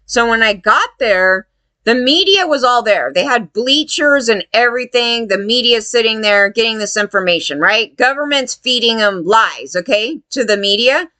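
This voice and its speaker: A woman tells her story as a heated rant, swearing freely and acting out the officials' replies. Her voice sits a bit high and sounds bright and sharp. The sound is dry and close, with no room echo. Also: lively intonation, normal speed. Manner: profane, heated, acts out others' lines. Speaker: fire survivor telling her story. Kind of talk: angry personal rant.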